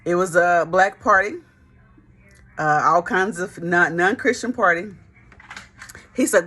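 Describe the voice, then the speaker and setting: A woman's voice: on the low side, unhurried, long pauses, pushed and bright. A woman casually telling a Christian testimony story, talking folksy and straight to her listeners. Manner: folksy, talks straight to the audience as "y'all". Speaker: Christian speaker.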